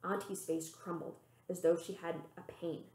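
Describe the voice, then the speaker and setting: Librarian, woman, storybook read-aloud, expressive, roomy echo. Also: moderate pace. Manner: expressive, voicing the characters with pitch lifts.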